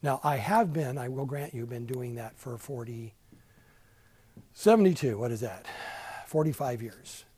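A man's voice: medium pitch, a little slow, warm tone, husky, poor audio. An older man teaching a casual Bible class in a church classroom, chatty and self-deprecating, with many asides.

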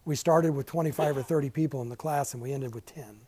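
A man's voice: medium pitch, fast, warm tone, slightly rough, low-quality recording. An older man teaching a casual Bible class in a church classroom, chatty and self-deprecating, with many asides.

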